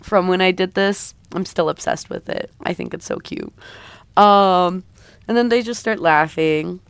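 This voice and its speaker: A woman's voice: fairly low pitch, a little slow, smooth, dry recording. A woman streamer with a slightly raw voice, chatting casually with her viewers in a rambling, hesitant way. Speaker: streamer and artist. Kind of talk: casual live-stream chat.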